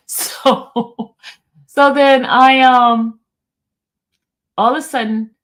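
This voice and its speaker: A woman's voice: sits high, fairly even intonation, extremely slow, long pauses, a bit bright. A woman host telling viewers a personal story in a chatty, rambling way, with many fillers and restarts. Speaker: YouTube host.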